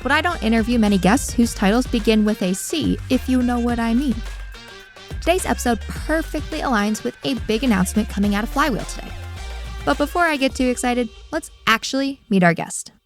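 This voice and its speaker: A woman's voice: fairly high pitch, lively intonation, a little fast, soft background music. A woman hosting a podcast, telling a story in a playful, self-deprecating way. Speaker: podcast host.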